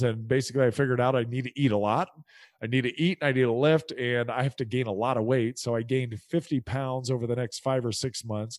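A middle-aged man from the United States, a former football player telling his story as a guest in a casual podcast interview, acting out the people he quotes with lively energy. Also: medium pitch, dry recording.

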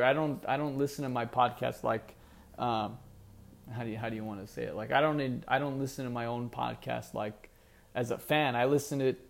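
A podcast host runs a solo sports show, rambling in a mock-indignant way, full of fillers and restarts. He has a medium-pitched voice with vocal fry and sounds out of breath.

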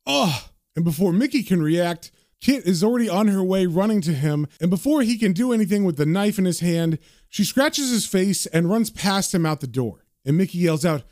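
A man reading a comic aloud in a casual, animated manner, describing the panels. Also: high voice, no room sound, studio quality. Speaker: comic book reader.

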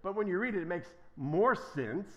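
A man preaching an emphatic sermon as pastor, swinging from quiet asides to loud, impassioned declarations. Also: sits high, lively intonation, normal speed, dull audio.

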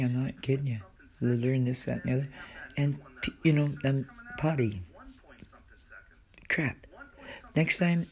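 A man with a mid-range, somewhat dark voice hosts his own podcast from a friend's house in the country. His casual monologue rambles and wanders, with a confessional tone.

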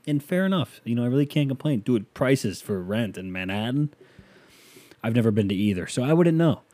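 Rambling podcast host with a mellow voice. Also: male voice, medium pitch, expressive, a little fast. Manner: rambling, joking, profane. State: sore voice. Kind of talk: casual sports chat.

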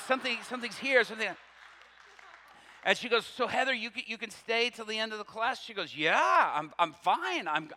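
A man preaching a sermon, telling a story with quoted dialogue and swinging from loud to hushed. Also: high-pitched, in a large hall.

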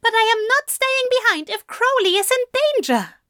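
A fretful male angel from an audiobook story, high-strung and shrill, his voice leaping sky-high as he blurts out questions, as a woman reader puts him on. The delivery is dry and close, with no room around it. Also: animated, takes it slowly, a bit bright, no echo, full character voice. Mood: frantic. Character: fussy, fretful male angel, anxious and easily flustered.

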